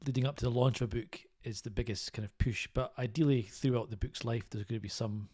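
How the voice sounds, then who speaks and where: A man's voice: medium pitch, steady tone, quick pace, a little mellow. A man hosting a podcast, asking brief, attentive questions. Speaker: podcast host. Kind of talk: interview questions.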